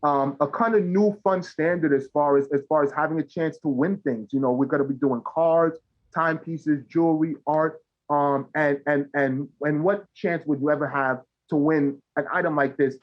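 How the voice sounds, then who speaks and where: A man's voice: a little high, fairly even intonation, normal speed. A man speaking as a podcast guest, often stalling on repeated words and fillers. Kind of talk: casual podcast interview. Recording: dull lo-fi sound.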